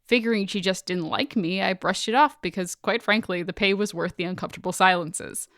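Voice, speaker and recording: Woman, podcast co-host, mid-pitch, dry close sound; animated story reader, casual and profane. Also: brisk, no room sound. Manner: swearing, animated, dramatic story reading.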